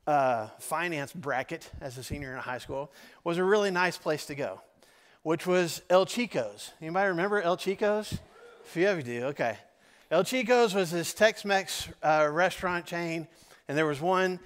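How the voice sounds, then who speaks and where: A man's voice: on the high side, a bit bright. A man, telling a personal story in a conversational sermon to his congregation, with asides to the audience. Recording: long hall reverb.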